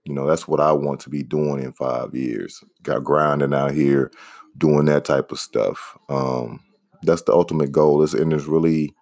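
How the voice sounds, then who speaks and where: A man hosting a casual podcast, rambling in a laid-back way and giving shout-outs to listeners. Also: very deep voice, no echo. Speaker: podcast host; comedian.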